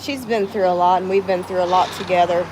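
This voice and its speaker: Speaking fast in a lowish, fairly even voice, this Southern US livestream host, a middle-aged woman, chats casually outdoors at home. She rambles, gets emotional, and calls out viewers by name. There's noise in the background.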